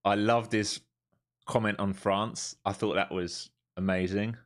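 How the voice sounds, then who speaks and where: Give me an English man with a low voice doing live trading commentary in a relaxed, joking way. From England. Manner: chatty, laughs often, quick jokes between chart calls. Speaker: live day-trading streamer.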